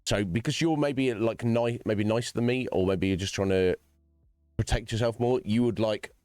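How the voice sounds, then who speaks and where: A man's voice: lowish voice, moderate pace, darkish tone, no echo, studio quality. A man streaming, chatting casually to his viewers in a rambling, conversational way with lots of restarts.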